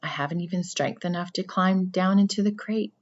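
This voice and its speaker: Woman voicing Charlotte, a quiet dying spider. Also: brisk, highs cut off, lightly acted. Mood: calm. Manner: quiet, low, calm. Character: weak dying female spider, calm and gentle.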